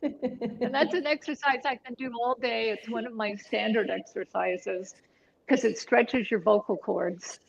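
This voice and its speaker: A woman voice coach in a livestream chat, demonstrating vocal exercises with loud whoops and barks. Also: fairly high pitch, fairly even intonation, measured pace, gravelly, slight background noise. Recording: dull lo-fi livestream audio.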